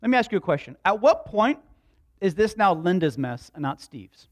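A man's voice: sits high, very animated, moderate pace. A man preaching a sermon in a conversational way, with joking asides to the congregation. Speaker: pastor.

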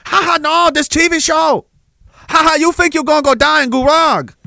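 A man's voice: very high-pitched, steady tone, normal speed, vocal fry, sharp tone, dry recording, pitched above the performer's own voice, full character voice. A man putting on a jeering cop voice. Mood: taunting. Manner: taunting, broken-English mockery. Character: jeering mocking male police officer.

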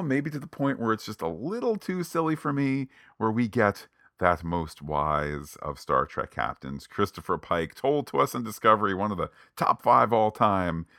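A man co-hosting a casual podcast, recapping an episode in a playful, animated way with lots of jokey asides. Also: deep voice, dry recording, studio quality. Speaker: podcast co-host.

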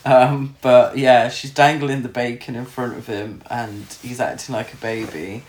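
A man co-hosting a relaxed chat about a film, laughing often, swearing freely and sometimes mimicking characters. His voice sits at an ordinary pitch. The room around him is echoey. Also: unhurried, a little hiss or hum. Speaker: film review podcast co-host. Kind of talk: casual chat.

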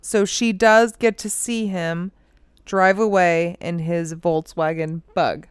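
A woman's voice: lowish voice, steady tone, slow, clear, resonant tone, no echo, clean studio sound. A woman co-hosting a casual true-crime podcast at home, telling the story animatedly, swearing freely and laughing often. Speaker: podcast co-host.

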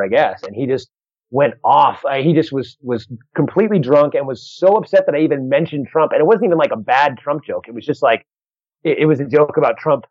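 A man working as a stand-up comedian, telling a story in a casual, animated way, restarting phrases and acting out the people in it. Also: mid-range voice, breathy edge, no room sound. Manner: animated, quick restarts, acts out other voices. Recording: dull lo-fi dry recording.

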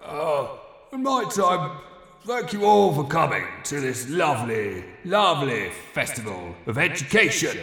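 A man voicing a self-important male mayor in a tabletop game, announcing from a stage in a measured, pompous manner with a slightly raised voice. The sound is roomy, with a long reverb. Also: a little high, sing-song, pushed and bright, pitched above the performer's own voice, exaggerated voice. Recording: echoey room with long reverb.

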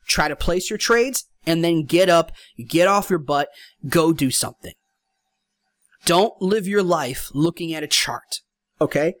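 A young man hosting a podcast, giving casual, repetitive advice in a relaxed solo monologue. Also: a little high, a little slow, dry recording. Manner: informal, advice-giving, repeats points. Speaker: podcast host.

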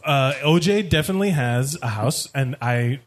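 A man hosting a comedy podcast, telling stories in a rambling, animated way and swearing freely. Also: mid-range voice, moderate pace. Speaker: podcast host. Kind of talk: casual comedic storytelling.

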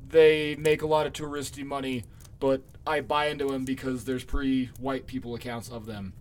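A man's voice: mid-range voice, level tone, moderate pace. A man co-hosting a podcast in casual chat, offhand and profane, tossing off dismissive asides. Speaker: podcast co-host.

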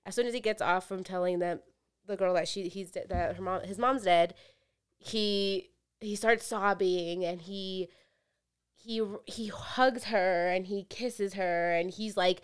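A woman's voice: medium pitch, smooth. A woman co-hosting a casual podcast, animatedly retelling drama scenes and acting out the characters' lines. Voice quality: swears casually. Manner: animated retelling, acts out quotes. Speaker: podcast co-host. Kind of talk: casual chat.

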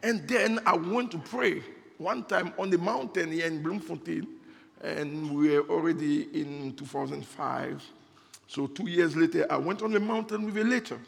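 A man preaching a sermon as pastor, rising into loud bursts and laughing between points. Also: a little high, normal speed, gravelly. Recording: reverberant hall.

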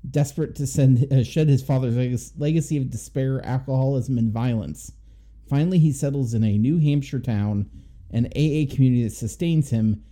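A man co-hosting a movie review podcast, agreeing readily and reading a plot synopsis steadily. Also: medium pitch. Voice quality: very dark, mellow voice. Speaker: podcast co-host.

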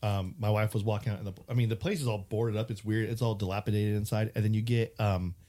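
A man hosting a podcast, telling stories in casual chat and slipping into quick imitations. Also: lowish voice. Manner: animated storyteller, slips into imitations. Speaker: podcast host.

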